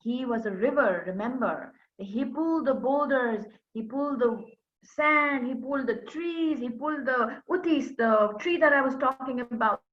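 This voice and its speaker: Lady telling a folk story on a call, lively, kinda high voice, muffled audio. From Darjeeling, India. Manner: animated, addressing listeners directly. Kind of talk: online folk-tale storytelling.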